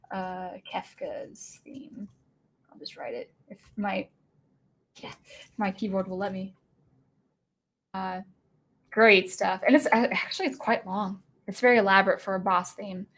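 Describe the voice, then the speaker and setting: Young woman streamer from Washington, casual and rambling, mid-pitched voice. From Washington state. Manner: rambling, chatty, full of fillers and restarts. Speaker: livestream host. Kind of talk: casual livestream chat.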